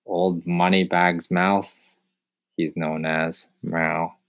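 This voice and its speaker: A man voicing an impatient male cat in an audiobook, dry and deadpan. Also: low voice, very slow, exaggerated voice. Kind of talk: audiobook character voice.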